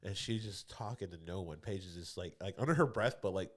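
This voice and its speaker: A man with a low voice speaks briskly while co-hosting a comedy podcast. Rambling, laughing often, and restarting frequently, he tells a story and imitates other people's voices into a studio podcast microphone.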